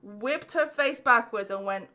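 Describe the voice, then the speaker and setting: Young female podcast host, bright forceful voice, cussing storyteller, casual chat. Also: fairly high pitch, unhurried. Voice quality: profane, animated storyteller.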